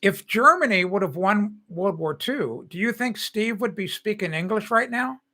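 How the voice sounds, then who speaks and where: A man's voice: high-pitched, animated, moderate pace, bright, forceful tone. A man in his sixties from the United States, hosting a live stream and talking casually in a rambling way while he reads and answers chat comments.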